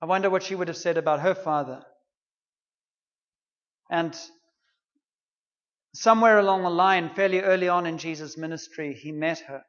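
A man's voice: on the high side, normal speed, long pauses, a bit bright, highs cut off. A man preaching a sermon, retelling a story in an earnest, conversational way.

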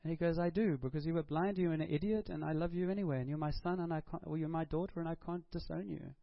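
A man's voice: a little high, steady tone, fast talker, creaky, dry recording, lo-fi sound. A man preaching a sermon, asking rhetorical questions and acting out prayers and dialogue.

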